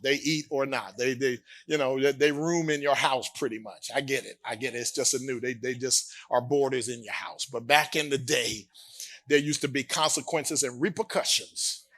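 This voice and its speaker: A man's voice: mid-range voice, normal speed, a bit bright. A male pastor preaching a sermon, telling a story and then rising into emphatic exhortation with teasing asides to the congregation.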